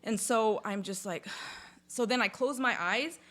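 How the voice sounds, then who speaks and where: A woman in casual conversation, telling a personal story in a lively, chatty way, with lots of "like" and some swearing. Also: on the high side, unhurried. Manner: chatty, full of "like", swears freely; lively retelling, acts out sounds and inner voices. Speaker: podcast guest.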